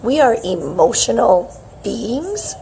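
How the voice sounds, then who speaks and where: A middle-aged woman hosting a casual live wellness stream, chirpy and animated, greeting viewers by name. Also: on the high side, takes it slowly, vocal fry, slight background noise, low-quality recording. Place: outdoors with a palm tree behind. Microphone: hands-free phone camera.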